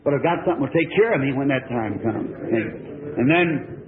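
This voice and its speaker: A man's voice: medium pitch, animated, normal speed. A man, preaching and telling a personal story in a folksy, plain way. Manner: folksy storytelling, voice rising when quoting others. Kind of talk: sermon testimony. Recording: tinny old phone-like recording.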